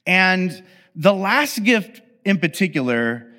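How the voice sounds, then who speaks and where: A man's voice: high-pitched, sing-song, takes it slowly, pushed and bright. Man preaching in a reverberant hall. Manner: conversational and playful, acting out quoted voices. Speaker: pastor. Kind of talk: sermon.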